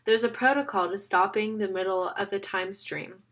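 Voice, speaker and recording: A woman's voice: medium pitch, normal speed, fairly bright tone, natural voice. Woman voicing an earnest man, patient explainer, audiobook reading. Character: earnest serious man, time-law enforcer.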